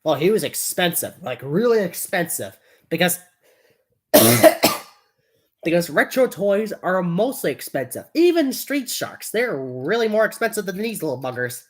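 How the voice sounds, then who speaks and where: A woman's voice: lowish voice, big pitch swings, unhurried. A woman chatting casually on a live stream, rambling and giggling, with lots of fillers.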